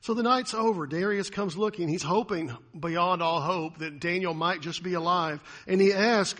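A man's voice: high voice, normal speed, few pauses, fairly bright tone. A man preaching a sermon as pastor, talking in a conversational way and asking the congregation questions.

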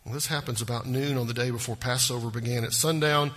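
A man's voice: mid-range voice, fairly even intonation, fast, fairly bright tone. A male pastor preaching a sermon with emphasis and rhetorical questions, recorded in a church sanctuary. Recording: long reverb of a large hall.

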